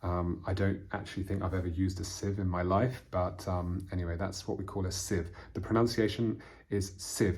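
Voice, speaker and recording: A man teaching English vocabulary from a storybook, explaining words slowly with frequent fillers. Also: low-pitched, flat delivery, darkish tone. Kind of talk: vocabulary lesson reading from a storybook.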